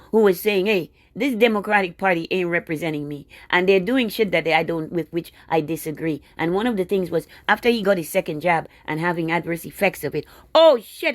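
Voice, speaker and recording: A woman's voice: fairly low pitch, dry recording. A woman delivering a casual, indignant monologue straight to her viewers, full of sarcastic asides. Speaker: video blogger.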